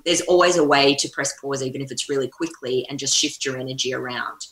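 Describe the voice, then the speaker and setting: A woman's voice: a bass voice, fairly even intonation, quick pace, fairly bright tone. A woman speaking as an interview guest, talking energetically in a coaching tone. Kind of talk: conversational interview. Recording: echoey room.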